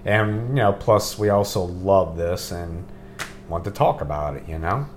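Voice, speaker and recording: Low-voiced man rambling casually on a podcast. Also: measured pace. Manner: relaxed, rambling, swears casually. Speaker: podcast host. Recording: faint background hiss.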